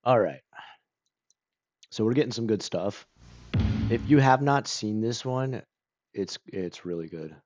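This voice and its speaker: A man chatting casually on a stream, rambling with lots of "like" and clearing his throat and coughing now and then. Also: low-pitched, a little mellow, dry recording, highs cut off. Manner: rambling, full of "like" and self-corrections.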